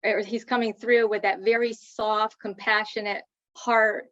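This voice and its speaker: A woman giving medium readings as a guest, in a soft, reassuring manner with hesitant fillers. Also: mid-range voice, level tone, unhurried, dry recording, dull audio. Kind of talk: spiritual reading, casual chat.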